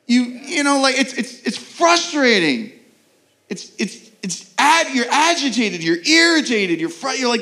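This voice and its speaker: Earnest high-voiced preacher. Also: male voice, big pitch swings, sharp tone. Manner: earnest preaching with rhetorical questions and quick repeated restarts. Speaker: pastor. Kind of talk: sermon.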